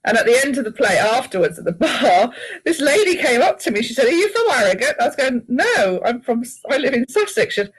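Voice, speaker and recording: A woman guest chatting in an interview, telling lively stories and laughing often. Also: on the high side, brisk, slightly rough, low-quality recording.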